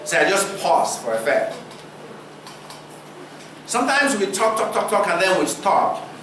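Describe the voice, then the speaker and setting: A man preaching a sermon, asking his listeners rhetorical questions and using deliberate pauses for effect. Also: sits high, very animated, background noise. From Nigeria. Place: church hall. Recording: roomy hall recording, distant mic.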